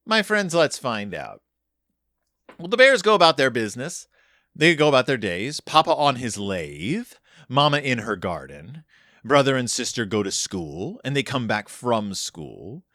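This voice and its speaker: Lively, bright-voiced podcast host. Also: male voice, medium pitch, a little slow, no room sound, clean studio sound. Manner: animated, self-correcting asides. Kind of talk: casual chat.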